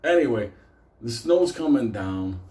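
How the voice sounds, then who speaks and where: A man of middle pitch spins a comic tale in casual, animated talk. He swears constantly and laughs through his own lines. The sound has a roomy echo. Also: a little slow. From Puerto Rico. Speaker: storyteller.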